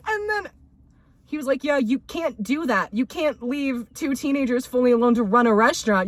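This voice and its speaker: Young woman podcast cohost, animated, fairly high voice, acts out everyone in her story. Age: young adult. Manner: animated, acts out quotes with laughter. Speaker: podcast co-host. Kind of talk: casual storytelling chat.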